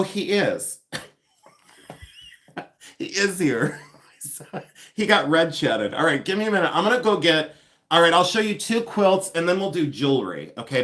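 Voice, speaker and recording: A man hosting a casual live stream, chatty and excitable, talking straight to the chat and slowing down to explain details. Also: a little high. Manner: slows down to explain quilt details. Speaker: live-stream reseller host.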